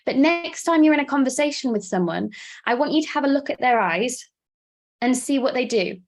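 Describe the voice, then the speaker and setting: A Welsh-accented woman in her thirties leads a live online workshop. She talks quickly and chattily in a fairly high voice, laughing easily as she coaches. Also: animated. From Wales. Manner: chatty, fast-talking, laughs often. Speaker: presenter and coach.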